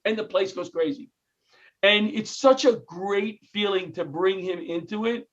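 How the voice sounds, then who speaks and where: Animated storytelling man, high voice. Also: normal speed, muffled recording. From New York. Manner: animated, jokey storyteller who acts out quotes. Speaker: comedian and retired firefighter, guest. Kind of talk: storytelling interview.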